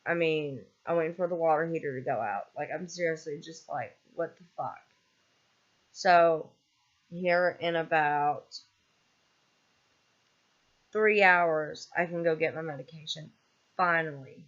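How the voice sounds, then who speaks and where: Casual vlog rant, angry, swearing, worn out, mid pitch, muffled lo-fi sound. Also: a little slow, pauses often, a bit bright. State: weary and fed up. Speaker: vlogger. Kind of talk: casual venting monologue. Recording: dull lo-fi recording.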